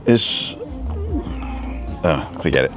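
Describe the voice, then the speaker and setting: A man's voice: a bass voice, animated, slow pace, soft background music. A man hosting a casual live stream outdoors at a viewpoint cafe, reading a menu aloud and chatting with viewers.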